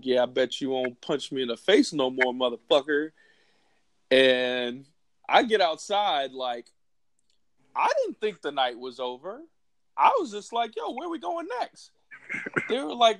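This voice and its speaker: A man telling a wild story in casual chat, animated and laughing often, with crude slang. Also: fairly high pitch, no room sound.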